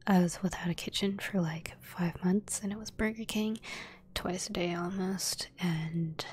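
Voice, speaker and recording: A woman streamer whispering softly while she plays a game and chats with viewers, giggling between drawn-out words in a whispered role-play, close to the microphone. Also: fairly low pitch, fairly even intonation. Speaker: live streamer.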